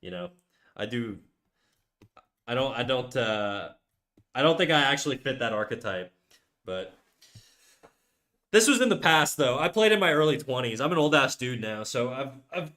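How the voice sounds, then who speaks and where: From his home room, a young man does casual livestream chat, rambling, restarting often and making crude jokes. His voice is mid-range and fairly bright.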